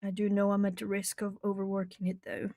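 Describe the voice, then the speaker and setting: A woman's voice: mid-range voice, completely flat delivery, fast, warm tone, dry recording. A woman from Brazil chatting casually on a live art stream, laughing often and answering viewers' comments as she colours. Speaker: artist streamer.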